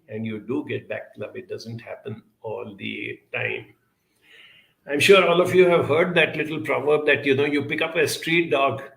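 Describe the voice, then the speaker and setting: This conference speaker answers questions from the audience earnestly, offering advice with frequent pauses and hesitations. He has a mid-range voice with vocal fry and a sharp edge, captured in poor audio with a roomy sound.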